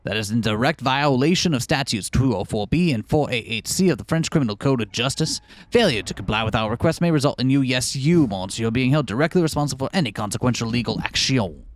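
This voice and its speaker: A stern male bird defense attorney in a video game, voiced by a man reading the lines, talking in formal, blustering legal language. His voice sits in a middle register and stays plain and unpolished, with soft game music underneath. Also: medium pitch, expressive, fast, few pauses, slight background noise, natural voice. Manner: formal, bluffing legal talk, read from game text.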